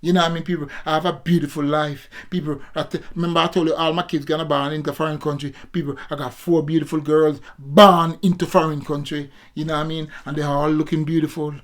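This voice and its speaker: A man's voice: fairly high pitch, little pitch movement, quick pace, hardly any pauses, a bit bright. A Jamaican man around sixty, a former amateur boxer, talking to his viewers in a casual vlog monologue, preachy and repetitive, always calling out to his audience. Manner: preachy, repetitive, keeps addressing viewers as people.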